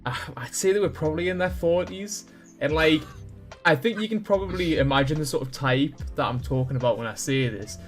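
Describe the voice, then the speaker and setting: Young man, fairly high pitch, rambling, full of fillers, faint music behind. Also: fairly quick. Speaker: podcast guest. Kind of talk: casual chat.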